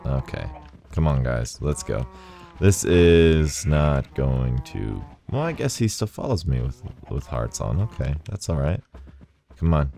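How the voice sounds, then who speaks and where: A man's voice: a bass voice, big pitch swings, measured pace, creaky, warm tone, slight background noise. A man hosting a gaming video, chatting casually and rambling, laughing often as he plays. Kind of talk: casual gameplay commentary. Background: faint game music.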